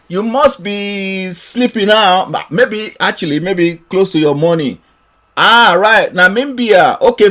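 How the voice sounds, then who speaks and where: Host: man, high voice, unhurried, cheerful stream greeter who laughs often. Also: fairly bright tone. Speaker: trading mentor hosting a live session. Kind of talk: live-stream greetings to viewers.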